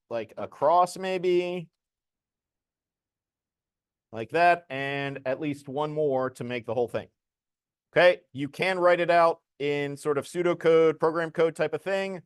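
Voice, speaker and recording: A man's voice: a little high, smooth, dry recording, clean studio sound. A man teaching a programming lesson to a class, explaining code casually as he demonstrates it.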